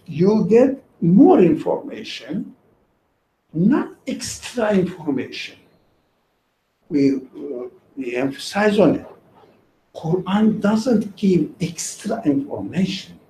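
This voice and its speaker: High, lively man teaching in an echoey room. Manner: patient, reasoning aloud with examples. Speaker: religious teacher. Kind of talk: explaining religious ideas in conversation. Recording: echoey room with faint noise.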